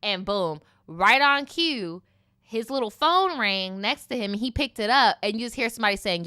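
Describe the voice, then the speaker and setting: A young woman chatting casually during a mukbang, telling stories in an animated, slangy way with laughing asides. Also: a little high, moderate pace, no echo, studio quality. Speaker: mukbang vlogger. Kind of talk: casual chat while eating.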